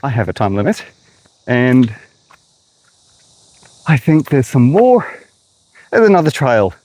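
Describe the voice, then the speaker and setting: This clip is a low-quality recording with no room sound, featuring a medium-pitched, darkish voice that is very animated but slow. The speaker, an Australian horticulturist, gives a walking garden tour vlog outdoors, slightly out of breath and chatting right to viewers.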